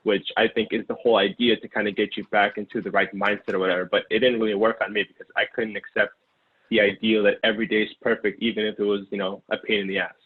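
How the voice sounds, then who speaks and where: A man in his twenties, originally from Ukraine, tells his story quickly and loosely, full of fillers and restarts. His voice is somewhat low and husky. The sound is narrow and tinny, like a phone line. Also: flat delivery. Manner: rambling, many fillers and restarts. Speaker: guest, former sales intern. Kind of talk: casual interview storytelling.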